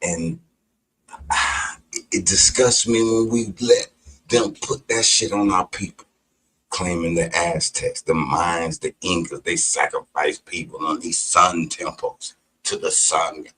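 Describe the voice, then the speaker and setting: A man delivering a heated, profane, preachy monologue, combative in tone and breaking into sudden shouted outbursts. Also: deep voice, fairly even intonation, slow pace, slight background noise, low-quality recording.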